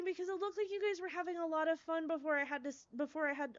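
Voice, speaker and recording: A woman's voice: very high voice, steady tone, very fast, dry recording, lo-fi sound. A woman streamer chatting live with her viewers, effusive and gushing as she thanks them, and rambling between topics. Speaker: horror game streamer.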